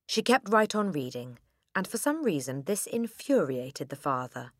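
A woman narrating a children's storybook in a crisp, expressive reading. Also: low voice, moderate pace, no room sound, clean studio sound. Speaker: audiobook narrator.

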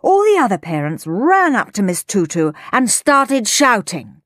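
A woman reading a children's story aloud, expressive, acting out the characters. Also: medium pitch, normal speed, few pauses, no echo, studio quality.

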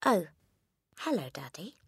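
A woman's voice: mid-range voice, big pitch swings, normal speed, fairly bright tone, no room sound, clean studio sound, voice pushed up. A woman voicing a clever, polite little girl who speaks pleasantly and pleads earnestly.

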